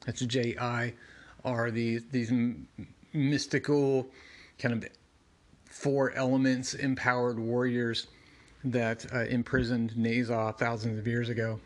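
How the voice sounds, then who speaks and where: A man's voice: mid-range voice, flat delivery, slow. A man casually narrating and commenting on a comic book, conversational with fillers and side remarks. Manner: conversational, many fillers and asides. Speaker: comic book reviewer and reader.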